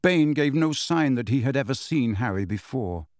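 A man reading a novel aloud as an audiobook narrator in an even storytelling manner. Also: mid-range voice, normal speed, no room sound, clean studio sound. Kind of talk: scripted narration.

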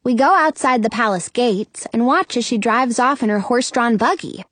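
A woman narrating a children's story in the first person, expressive and storytelling. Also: a little high, normal speed, no room sound. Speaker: audiobook narrator.

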